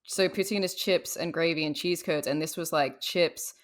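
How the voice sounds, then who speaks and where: An Australian woman on a gaming podcast, chatting casually with wry, deadpan humor. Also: deep voice, normal speed. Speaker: podcast co-host, journalist.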